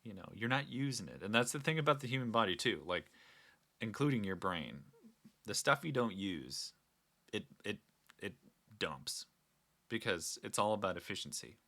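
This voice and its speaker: Guy rambling earnestly on his own show, kinda low voice but bright and sharp. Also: lively intonation, moderate pace. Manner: rambling, earnest, many restarts. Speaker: podcast host. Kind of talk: casual solo talk.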